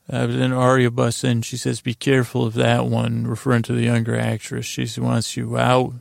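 A man's voice: mid-range voice, monotone, moderate pace, vocal fry, hardly any pauses, dry recording, studio quality. A man hosting a podcast, casually recapping a TV episode from his notes, rambling with frequent restarts. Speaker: podcast host.

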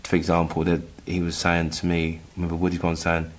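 Deep-voiced man telling a halting story. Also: completely flat delivery. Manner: halting, many restarts, acts out quoted voices. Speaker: guest telling his story. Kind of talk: casual storytelling chat.

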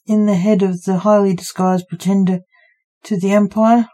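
A woman narrating a short story in a measured, even manner. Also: mid-range voice. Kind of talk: scripted narration.

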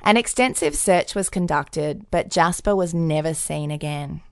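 A woman's voice: deep voice, measured pace, smooth, dry recording, studio quality. A woman co-hosting a podcast, telling a true crime story in a casual, jokey way full of puns. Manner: jokey, punny, lively storyteller.

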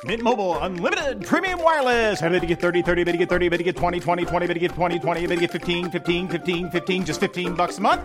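A man rattles off bids in a breakneck auction chant for an advert. His voice sits up high and races, with music clearly playing under him. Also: racing, few pauses. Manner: rattling, sing-song bidding calls.

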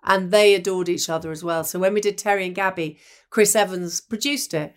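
With a lowish, steady voice and a slightly quick pace, this woman, an English broadcaster appearing as a guest, shares memories in conversation and performs the voices of people she's quoting.

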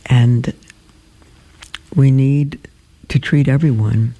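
Gravelly, mellow-voiced male radio host. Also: mid-range voice, steady tone, slow. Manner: gentle, earnest, with hesitant fillers. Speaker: host of a Catholic call-in radio show. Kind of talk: live radio talk, reading a story aloud.

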